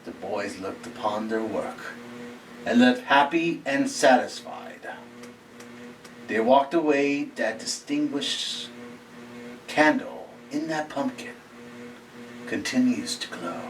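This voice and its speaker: Slow, hushed man telling a ghost story. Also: medium pitch, lively intonation. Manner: slow and halting, dropping to hushed near-whispers. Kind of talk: reading a scary short story aloud. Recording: distant mic with faint background hiss.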